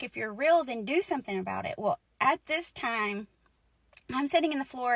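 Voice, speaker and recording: Chatty woman in her forties, bright-pitched. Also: no echo. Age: 40s. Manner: chatty, lots of "like" and "right?", laughs through lines. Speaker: host telling her ghost stories. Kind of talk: casual spoken storytelling.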